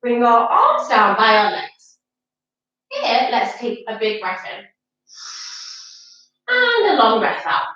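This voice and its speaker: A woman's voice: fairly high pitch, wildly swooping pitch, slow, long pauses, pushed and bright, roomy sound, dull audio. Sing-song woman teaching kids' yoga. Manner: playful, sing-song, coaxing children. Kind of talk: children's yoga class.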